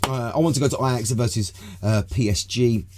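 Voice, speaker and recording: A man's voice: mid-range voice, fairly quick, noisy background. A man hosting a casual live stream, rambling loosely from topic to topic and swearing freely. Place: home room.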